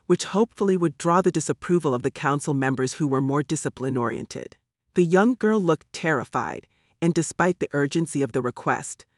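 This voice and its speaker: A man narrating a story in a measured, storytelling manner, lightly voicing the characters. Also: fairly high pitch, dry recording, studio quality. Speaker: audiobook narrator. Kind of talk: scripted narration.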